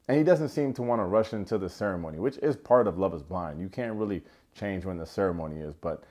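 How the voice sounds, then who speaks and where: A man's voice: low voice, a little mellow. A young man giving a casual, joking recap of a reality show, acting out quotes in funny voices. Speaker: recap vlogger.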